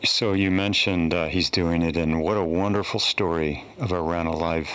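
A man's voice: deep voice, steady tone, normal speed, fairly bright tone, clean tone. A male interview host asking his guest questions and prompting him admiringly.

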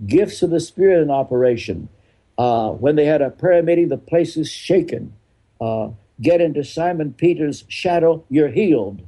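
A man's voice: a little high, mellow, slightly rough. An older man, a retired pastor being interviewed, explaining his views emphatically and answering his own rhetorical questions.

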